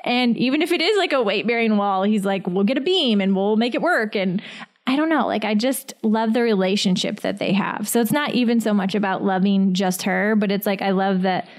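A woman in her thirties co-hosting a casual podcast, chatty and animated, laughing often as she tells stories. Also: mid-range voice, fairly quick. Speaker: podcast co-host. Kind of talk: casual chat.

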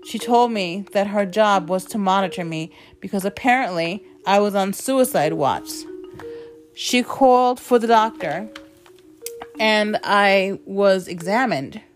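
Emotional woman telling her own story. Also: mid-range voice. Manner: emotional, dramatic pauses. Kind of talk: personal storytelling over music. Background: soft music.

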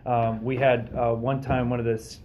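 A man's voice: medium pitch, normal speed, a little hiss or hum. A man co-hosting a podcast, telling a story in casual chat and acting out the voices of the people in it. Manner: animated, acts out quoted voices, frequent fillers.

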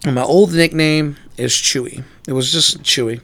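A podcast co-host with a creaky, fairly bright and fairly high voice chats casually at a moderate pace. He rambles through long stories, swears freely, and plays out the lines he quotes.

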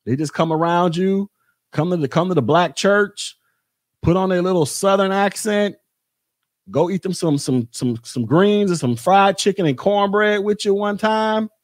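A man's voice: high voice, moderate pace, no echo, studio quality. A podcast host, a man, delivering a blunt, repetitive political rant in a monologue. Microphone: podcast mic.

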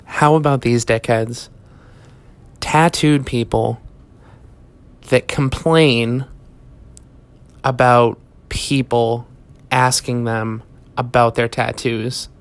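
Guy ranting on his comedy podcast, slow and swearing a lot, totally fed up. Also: medium pitch, steady tone, clean tone. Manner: profane, exasperated ranting. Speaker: podcast host. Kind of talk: comedic rant monologue.

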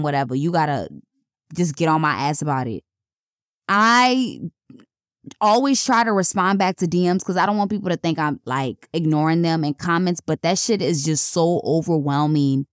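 A woman's voice: normal speed, no room sound, studio quality. Blunt, profane young woman podcaster. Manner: profane, blunt and chatty, pitch jumping up when excited. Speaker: podcast host. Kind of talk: casual solo podcast chat.

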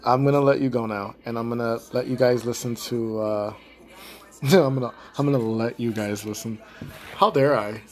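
A man's voice: medium pitch, steady tone, moderate pace. A young man hosting his own podcast, chatting casually, rambling off script, swearing and laughing often. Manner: laughs a lot, rambling and profane. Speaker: podcast host. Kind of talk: casual solo podcast chat.

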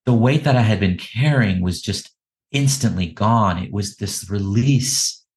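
Emotional man telling a story, halting. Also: lowish voice, darkish tone, poor audio. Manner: emotional, halting, repeats words, laughs between phrases. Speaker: podcast guest. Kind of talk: personal storytelling.

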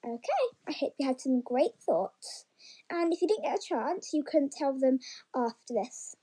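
High-voiced woman reading a picture book. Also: lively intonation, moderate pace, mellow, rough recording. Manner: chatty and encouraging, with frequent ums and stumbles. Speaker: story reader for young children. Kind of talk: reading a picture book aloud with pauses for questions.

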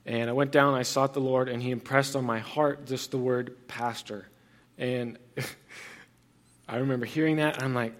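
A man's voice: medium pitch, steady tone, a little slow. A young man preaching a sermon as pastor, earnest and conversational, with frequent restarts and fillers.

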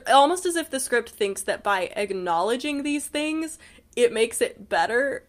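A woman's voice: fairly high pitch, lively intonation, unhurried. A woman co-hosting a casual book podcast, wry and critical, laughing often as she retells scenes. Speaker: podcast co-host.

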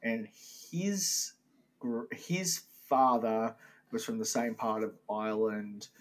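A man from Australia co-hosting a comedy podcast, playful and teasing, quick to laugh. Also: mid-range voice, rough recording. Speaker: podcast co-host. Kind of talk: casual comedy chat.

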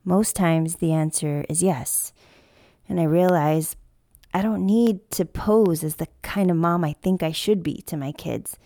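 A woman's voice: lowish voice, measured pace, warm tone, no room sound, clean studio sound. A woman in her thirties hosting a podcast, telling a candid personal story in an earnest, reflective way. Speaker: podcast host.

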